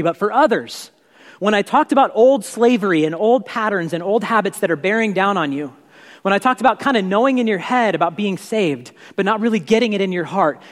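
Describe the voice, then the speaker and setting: A male pastor preaching a sermon in a church, conversational and animated, often repeating words as he builds his point. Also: high-pitched. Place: church sanctuary. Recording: echoey hall reverb.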